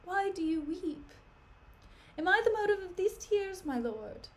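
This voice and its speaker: A woman's voice: extremely high pitch, lively intonation, unhurried, pitched above the performer's own voice. A woman reading the part of a young noblewoman pleading with her husband, in an earnest, imploring way. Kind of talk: casual dramatic reading on a livestream.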